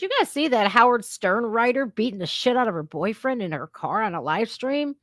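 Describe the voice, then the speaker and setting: A woman's voice: medium pitch, sing-song, normal speed, fairly bright tone, no echo. A middle-aged woman reacts on her stream in a blunt, swearing, sarcastic rant. Her voice sits in a middle register and sounds dry and close to the mic, with no room sound. She mocks her opponents with a sneering edge. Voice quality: brash, blunt, swearing freely. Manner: sarcastic, mocking mimicry of opponents. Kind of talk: casual profane reaction commentary.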